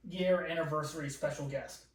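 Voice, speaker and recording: A man telling a profane, animated story as a podcast guest, with frequent laughs, recorded in an echoey room away from the mic. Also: on the high side, brisk, distant mic. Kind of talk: casual storytelling.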